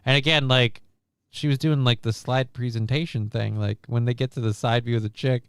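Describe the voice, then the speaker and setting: Man, casual stream chat, crude jokes, swears a lot, voice cracks, smooth tone, dry close sound. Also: medium pitch, steady tone, fairly quick, no echo. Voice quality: voice prone to cracking. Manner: crude joking, swears often. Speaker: stream co-host.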